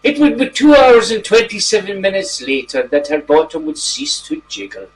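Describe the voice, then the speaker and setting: A man playing a genteel titled gentleman reading a mock bedtime story to children in a gentle, drawn-out way. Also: high voice, sing-song. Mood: storytelling. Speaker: storybook reader. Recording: distant mic, faint background noise.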